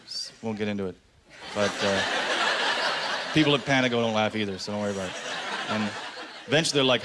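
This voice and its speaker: A man doing a stand-up comedy set on stage, sarcastic with deadpan asides. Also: medium pitch, a little fast, pauses often. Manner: sarcastic, deadpan asides between acted quotes. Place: comedy stage before a live audience. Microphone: handheld stage mic. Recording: stage mic with audience noise. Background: audience laughter.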